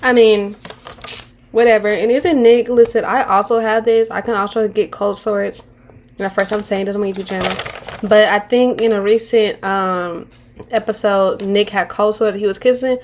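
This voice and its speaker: A woman's voice: mid-range voice, fairly even intonation, normal speed, a little mellow, slight background noise. A woman in her twenties giving casual commentary on a reality show, candid and slangy, rambling with restarts and mocking impressions. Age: 20s.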